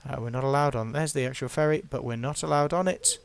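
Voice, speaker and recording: Man, gravelly voice, chatty game travelogue commentary with a playful, self-deprecating streak. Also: mid-range voice, fast. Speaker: gameplay narrator. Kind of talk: casual gameplay commentary.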